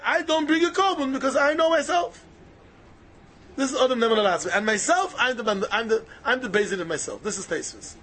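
A man's voice: sits high, a bit bright, a little hiss or hum. A man teaching a Talmud lesson, arguing both sides of the question aloud and hammering points home through repetition.

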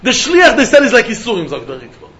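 A man teaching a Talmud lesson, animated, often repeating words as he thinks and breaking into laughs. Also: very high-pitched, fast. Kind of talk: Talmud study lecture. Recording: roomy, muffled recording with faint background noise.

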